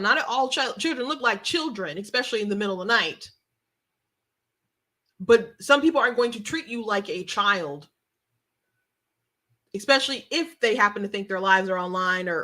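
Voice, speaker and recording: A woman's voice: on the high side, pushed and bright. A woman hosting a commentary show, speaking emphatically and repeating points for stress, with frequent restarts. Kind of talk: opinionated news commentary.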